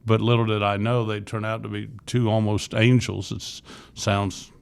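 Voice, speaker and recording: A man's voice: fairly low pitch, little pitch movement, moderate pace, vocal fry, smooth. A man in his sixties from Florida, telling his life story as a podcast guest in an earnest, candid way, with frequent restarts. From Florida, USA. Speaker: podcast guest, youth ministry leader. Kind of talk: casual interview storytelling.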